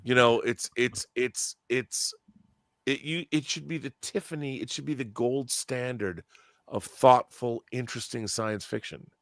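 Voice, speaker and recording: Man, podcast co-host, ranting, swears a lot, bright edgy voice, dry sound. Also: medium pitch, unhurried, dry recording. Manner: emphatic and ranting, swears freely, stumbles and restarts. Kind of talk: casual opinionated chat.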